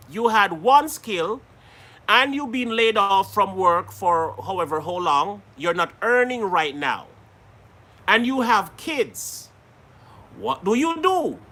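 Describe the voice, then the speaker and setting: A man's voice: sits high, sharp tone. A man from Jamaica hosting a live stream, chatting casually and greeting viewers by name, laughing often.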